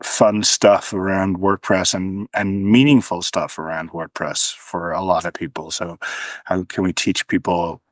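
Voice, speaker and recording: A man's voice: sits low, level tone, unhurried, dry recording. A man speaking as an interview guest, thoughtful, with frequent restarts and a dry sarcastic streak. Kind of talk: conversational interview.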